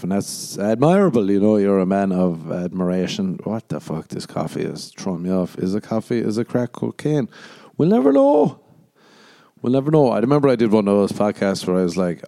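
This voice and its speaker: A man's voice: fairly low pitch, mellow. A young adult man from Ireland with an Irish accent, hosting a solo podcast, rambling and swearing, slipping into jokey mock voices. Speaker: podcast host.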